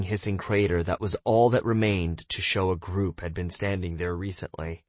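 A man narrating an audiobook in a measured, even way. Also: low voice, no room sound. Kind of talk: scripted narration.

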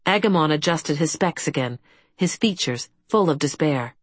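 Woman reading fantasy audiobook, lowish voice, dry close mic. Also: animated, normal speed, breathy edge, dry recording. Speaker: audiobook narrator. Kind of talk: scripted fantasy narration.

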